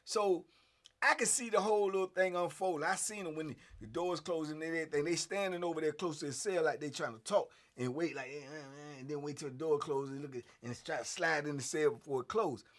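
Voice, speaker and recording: A middle-aged man telling a story in casual streetwise slang, animated and acting out the scenes. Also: a little high, brisk.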